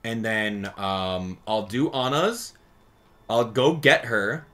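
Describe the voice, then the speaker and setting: A man giving casual gameplay commentary as a channel host, chatty and excitable, thinking out loud as he plays. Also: lowish voice, takes it slowly.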